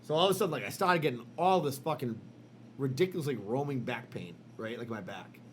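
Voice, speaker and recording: A man co-hosting a podcast, telling a story in casual, animated chat full of swearing and fillers. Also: mid-range voice, brisk, slight background noise. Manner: animated, profane, lots of fillers. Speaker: podcast co-host.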